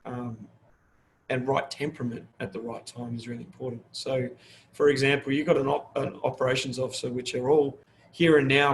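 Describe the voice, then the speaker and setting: A man with an Australian accent, speaking as a fire service superintendent in a casual interview, unhurried, with frequent ums and restarts. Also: mid-range voice, a little hiss or hum.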